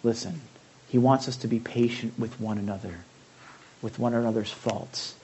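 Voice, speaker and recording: A man's voice: medium pitch, steady tone, moderate pace, mellow, a little hiss or hum. A male pastor giving a conversational sermon, calling on listeners by name.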